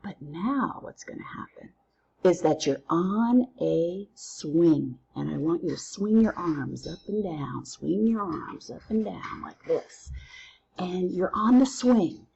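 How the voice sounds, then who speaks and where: A woman teaching a recorded lesson through counting drills, playful and quick to use silly memory tricks. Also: lowish voice, animated, gravelly, warm tone, highs cut off, a little hiss or hum. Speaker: Spanish teacher.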